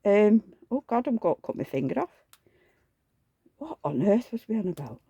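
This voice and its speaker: An older woman tells a rambling, animated story and often forgets where she was going. Her voice rises and falls widely as she talks. The sound is dry and close, with no room echo. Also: medium pitch, normal speed, husky, lo-fi sound. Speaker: doll collector vlogger. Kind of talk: casual chatty storytelling.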